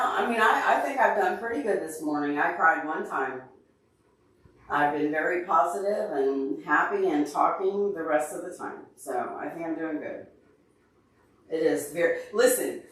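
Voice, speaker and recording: An upset, teary man talks earnestly and openly to his livestream viewers, calling them by name. His voice sits a little high for a man. He is well away from the microphone in a strongly echoing room. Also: a bit bright. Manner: emotional, earnest, openly tearful. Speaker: livestream host answering chat. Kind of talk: casual livestream chat. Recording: very echoey room, far from mic.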